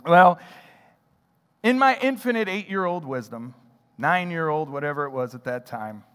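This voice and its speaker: A man preaching a sermon, telling a childhood story with animated delivery and acting out his own thoughts. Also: a little high, in a large hall. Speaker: pastor. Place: church sanctuary.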